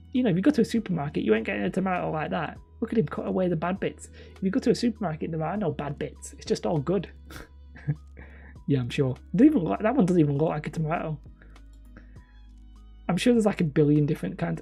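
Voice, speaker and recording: Woman, livestream host, gravelly, husky, rambling, self-deprecating chat. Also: lowish voice, lively intonation, fast, warm tone, faint music behind. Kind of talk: casual livestream chat, reading viewer comments.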